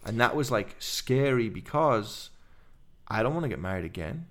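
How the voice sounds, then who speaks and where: A middle-aged man with an English accent, a podcast guest telling his story in fast, animated run-on sentences. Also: medium pitch. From England. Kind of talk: casual conversation.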